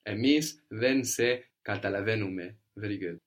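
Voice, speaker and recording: A man's voice: fairly low pitch, moderate pace. A man teaching a one-on-one language lesson, patiently prompting his student and explaining how words are built.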